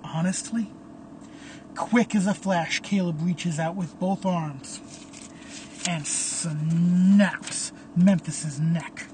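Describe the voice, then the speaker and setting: A man narrating a dark dramatic story in a hushed, dramatic way. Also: sits high, fairly even intonation, drawn-out words, background noise.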